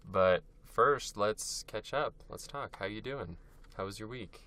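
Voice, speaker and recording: Deep-voiced young man, bright tone. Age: young adult. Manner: steers the episode, halting with restarts and ums. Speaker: podcast co-host. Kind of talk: casual chat.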